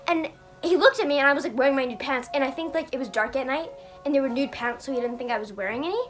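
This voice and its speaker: A woman's voice: sits high, quick pace, faint music behind. A young woman telling a storytime vlog in casual chat, rambling with many fillers and acting out what people said. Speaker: vlogger.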